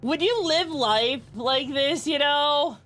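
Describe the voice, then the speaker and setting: A woman's voice: high voice, slow pace. A young woman streaming casually, giggling often and chatting back to her viewers. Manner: giggly, animated, reads and answers chat. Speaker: VTuber streamer. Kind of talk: casual live-stream chat.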